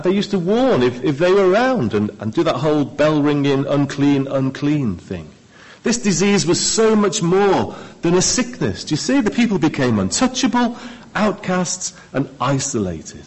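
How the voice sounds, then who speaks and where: A man delivering a sermon in a husky, slightly raised voice. His pitch swings widely as he leans into phrases, pausing for effect and letting key words sink low and quiet. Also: low-quality recording. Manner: expressive, dramatic pauses, trailing off low on key words. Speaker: preacher.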